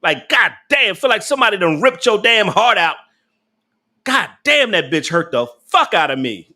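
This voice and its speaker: Lively, bright-voiced man ranting. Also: high voice, normal speed. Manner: blunt, profane, laughs often, talks to chat. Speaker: live stream commentator. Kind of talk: casual live stream commentary.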